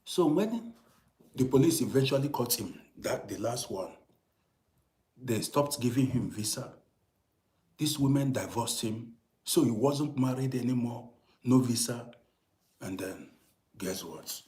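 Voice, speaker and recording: A middle-aged man tells a story straight to his listeners in a lively, animated way. His voice has a fairly lively melody, dropping to quiet asides and then rising to loud, emphatic points. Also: mid-range voice, measured pace, long pauses. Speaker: storyteller host. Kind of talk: casual storytelling monologue. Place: living abroad in Germany.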